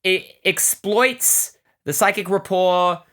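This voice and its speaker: A woman's voice: medium pitch, slow, a bit bright. A woman co-hosting a casual comic-book podcast, recapping with enthusiastic, rambling chatter and plenty of "like"s. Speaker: podcast co-host.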